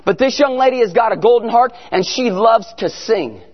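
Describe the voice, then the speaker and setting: A middle-aged man preaching a sermon, telling family stories with animated bursts of shouting. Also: extremely high pitch, moderate pace. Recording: muffled sound in a reverberant hall.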